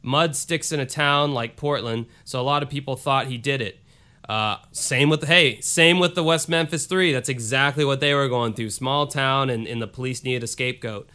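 A man's voice: medium pitch, normal speed, bright, forceful tone, smooth. A male podcast host reading listener emails aloud in a loose, casual way, swearing and breaking off into asides. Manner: loose and profane, with restarts and asides.

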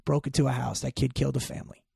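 A man's voice: medium pitch, level tone, racing, gravelly, dark tone, husky, no room sound, clean studio sound. A man telling stories in casual chat, emphatic and full of profanity.

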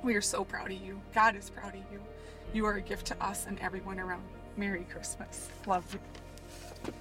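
A woman's voice: medium pitch, flat delivery, normal speed. Woman, reading a letter aloud, heartfelt and tender, inside a van, faint music underneath. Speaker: church staff member.

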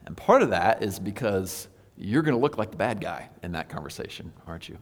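A man's voice: lowish voice, sing-song, a little fast. A man preaching a sermon, patient and explanatory, asking his listeners rhetorical questions. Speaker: pastor. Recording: long hall reverb.

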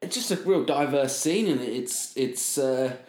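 A man's voice: mid-range voice, animated, measured pace, darkish tone. A man co-hosting a casual podcast, talking in a rambling way with many fillers and casual swearing. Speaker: podcast co-host. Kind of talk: casual chat. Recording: roomy echo.

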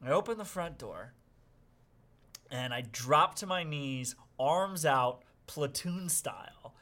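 A middle-aged man casually telling a story on a podcast, acting out the people he quotes with sudden loud outbursts. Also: fairly high pitch, expressive, slow pace. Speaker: podcast guest.

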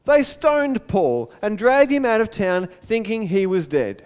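A man preaching a sermon, telling the story with lively acted-out voices. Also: high-pitched, unhurried, clean tone. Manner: animated storytelling, acts out crowd voices. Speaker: pastor. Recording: long hall reverb.

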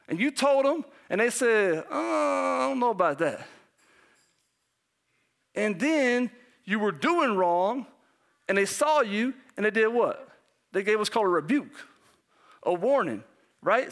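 High-voiced preacher quizzing his congregation. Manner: animated, quizzes the congregation with "what?" questions; drops to a hushed near-whisper for emphasis. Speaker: pastor. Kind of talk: sermon.

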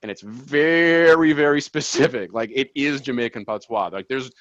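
A man's voice: medium pitch, moderate pace, a bit bright, no echo, dull audio. A man co-hosting a soccer podcast, talking in casual chat and making his points with emphasis. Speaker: podcast co-host.

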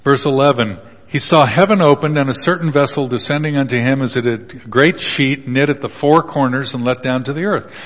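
A man's voice: mid-range voice, a little fast, hardly any pauses, fairly bright tone. A man preaching a sermon in a casual, joking way, retelling Bible passages with little acted quotes. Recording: long hall reverb.

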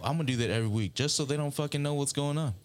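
A man's voice: on the high side, racing. A man hosting a casual podcast chat, loose and joking, swearing freely and a little drunk. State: tipsy. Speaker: podcast host.

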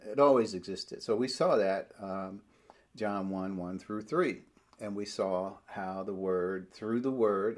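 A man teaching a bible study, explaining verses step by step and slowing down when he reads scripture aloud. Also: on the low side, darkish tone.

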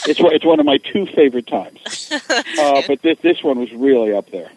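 A man's voice: mid-range voice, moderate pace, no room sound, rough recording. A middle-aged man telling funny stories as a guest, acting out other people's voices as he goes. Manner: animated, acts out voices in anecdotes. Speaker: guest, author. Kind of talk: casual storytelling.

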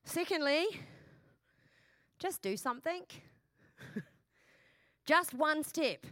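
A woman pastor preaching a sermon in a lively, chatty way, with self-mocking asides and repeated questions to the congregation. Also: sits high, extremely slow, no echo.

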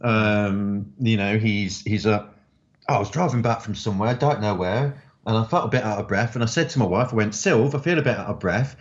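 A man's voice: fairly low pitch, brisk, echoey room, highs cut off. A man, a writer, chatting in an interview and telling stories with many fillers. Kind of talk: interview conversation.

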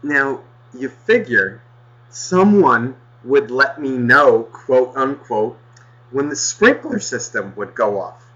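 Animated, foul-mouthed man ranting. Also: medium pitch, slow pace, muffled recording, a little hiss or hum. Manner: animated, swears constantly, rambling. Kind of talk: casual profane storytelling.

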